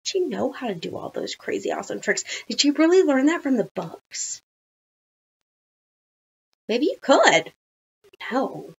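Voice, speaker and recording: A woman teacher reading a children's storybook aloud, with chatty, animated asides. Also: sits high, unhurried, gravelly, long pauses, breathy edge, highs cut off.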